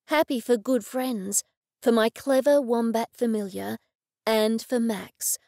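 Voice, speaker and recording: Woman narrating with a gravelly, close sound. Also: a little high, a little mellow, dry recording. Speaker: audiobook narrator. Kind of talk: first-person audiobook narration.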